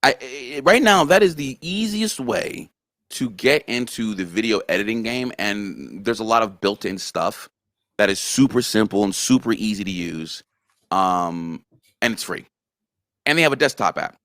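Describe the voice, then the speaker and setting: A man's voice: lowish voice, normal speed, fairly bright tone, dry recording. A man guest on a casual interview chat, earnestly explaining things step by step. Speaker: guest content creator.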